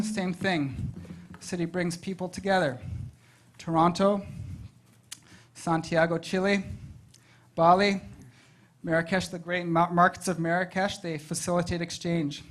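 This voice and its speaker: A presenter speaks to a public advisory meeting in an easy, conversational way. The talk is loose and unscripted, and the presenter turns to the room with questions. The voice is recorded in a meeting room. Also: mid-range voice. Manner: conversational, asks the audience questions.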